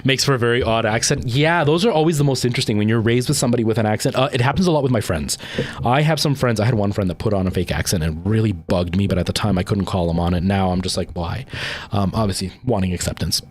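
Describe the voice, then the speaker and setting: A man's voice: on the low side, fast talker, no echo. A man with a Canadian accent, chatting casually with live-stream viewers and rambling along with plenty of "like" and "um". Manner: rambling, with frequent "like" and "um".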